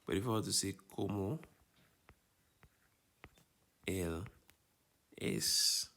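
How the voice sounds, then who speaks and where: A man's voice: on the low side, very animated, drawn-out words, creaky, bright, forceful tone. A man teaching a Spanish lesson, explaining patiently and checking in with his students as he goes. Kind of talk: recorded lesson walkthrough.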